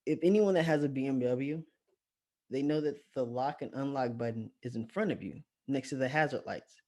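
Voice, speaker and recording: A young man casually telling a story to camera, animated, swearing and often laughing. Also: mid-range voice, normal speed.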